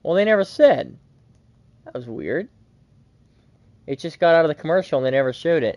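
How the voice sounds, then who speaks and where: A man's voice: on the high side, animated, normal speed, long pauses, darkish tone, dry recording, dull audio. Man doing mock play-by-play, dry close sound. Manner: announcer cadence broken by laughs and rambling asides. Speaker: gamer calling his own football video game. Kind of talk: mock play-by-play commentary mixed with casual chat.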